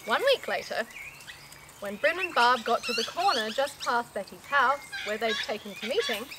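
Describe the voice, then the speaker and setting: A woman's voice: fairly high pitch, expressive, normal speed, background noise. A woman reading a comic story aloud in an amused, playful way. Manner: amused, often laughing between lines.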